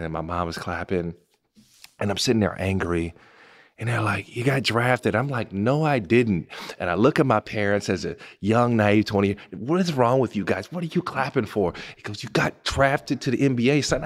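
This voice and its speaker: Man, thirties, podcast host, storytelling monologue, animated, emphatic, mid-pitched voice. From Southern California. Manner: animated, emphatic, rises high when excited, drops low and soft when emotional.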